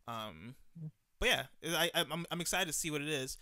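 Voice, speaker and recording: A man's voice: a little high, expressive, normal speed, sharp tone, no echo, studio quality. A man hosting a casual panel chat, who moderates the talk and passes questions to his guests. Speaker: show host.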